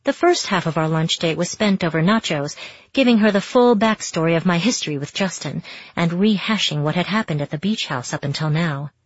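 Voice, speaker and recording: A woman narrating a first-person romance novel in a steady, intimate storytelling manner. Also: on the low side, a little fast, no room sound, muffled recording. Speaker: audiobook narrator.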